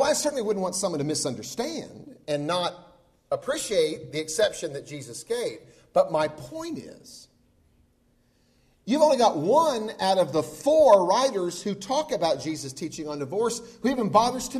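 A man with a notably high voice delivers a sermon. He talks earnestly and conversationally, putting rhetorical questions to his listeners. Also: a little mellow. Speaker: preacher.

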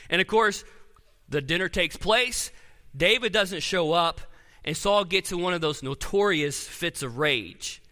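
A pastor preaching a sermon, reading scripture aloud with earnest emphasis and dropping soft on key words. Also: male voice, on the high side, animated, unhurried. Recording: long reverb of a large hall.

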